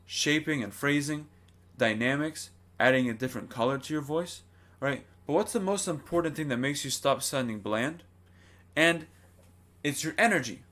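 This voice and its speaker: In a vocal lesson filmed to camera, a singing teacher talks in a slightly bright, higher-pitched male voice. He keeps his explanations plain and frequently asks rhetorical questions to check in.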